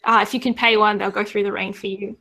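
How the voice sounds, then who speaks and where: Chatty woman game master, bright voice. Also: mid-range voice, flat delivery, fast. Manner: chatty, hesitant, lots of fillers. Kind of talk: narrating and voicing townsfolk in a tabletop game.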